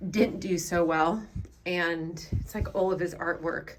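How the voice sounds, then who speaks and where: An American woman films a casual vlog from behind a handheld camera in her house cellar, talking in an emotional, rambling, apologetic way. Her voice is on the low side, fairly even in intonation, and a little slow. There is a little hiss or hum.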